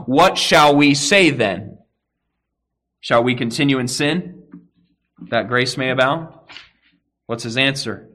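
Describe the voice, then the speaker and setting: A man preaching a sermon to his congregation, earnest, swelling at key points and dropping to a quiet, low emphasis. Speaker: pastor.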